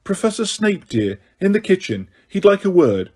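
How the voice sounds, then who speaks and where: A man's voice: sits high, sing-song, moderate pace, darkish tone, breathy edge, pitched above the performer's own voice, full character voice. A man doing a fussing, motherly middle-aged witch. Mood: reproving. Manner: reproving and motherly.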